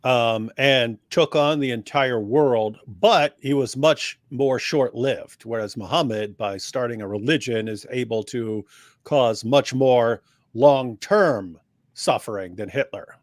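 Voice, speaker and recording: A man's voice: medium pitch, takes it slowly, no room sound, studio quality. Wry, bantering man on a livestream. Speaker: livestream co-host. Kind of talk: casual livestream chat.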